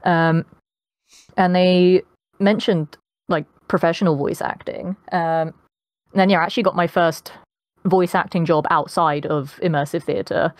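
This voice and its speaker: Unhurried and steady in tone, a young woman with a somewhat low voice and a posh British accent guests on a casual podcast, with no room sound. The voice actress is chatty, laughs often and sprinkles in many ums.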